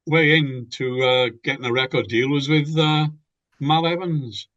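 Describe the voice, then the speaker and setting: A man's voice: mid-range voice, steady tone, a little slow, fairly bright tone. An older British man, a former band member, reminiscing in an interview and often restarting his sentences with repeated words. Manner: rambling, repeats words when starting sentences. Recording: muffled, lo-fi.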